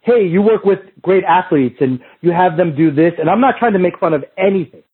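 This podcast guest, a coach from the fitness industry, has a high, animated voice with a breathy edge and a fairly quick delivery. He rambles through profane tales, acting out each person in old conversations, over a thin, phone-like line.

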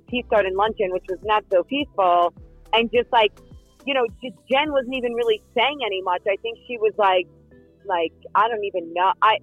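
A chatty woman tells her side in an interview, hopping between stories with plenty of fillers. Her voice sits at a middling pitch. The sound is dull and lo-fi, dry and close. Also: no room sound. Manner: chatty, animated storyteller with lots of fillers. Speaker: reality show cast member. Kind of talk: casual interview answers.

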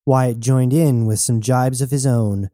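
Man narrating an audiobook, mellow dark voice, dry close sound. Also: medium pitch, steady tone, a little slow, no echo. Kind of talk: scripted narration.

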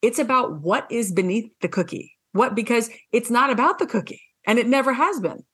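A woman hosting an interview in a casual, chatty way. She is animated and emphatic and swears frankly. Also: a little high, a little fast, husky. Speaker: podcast host.

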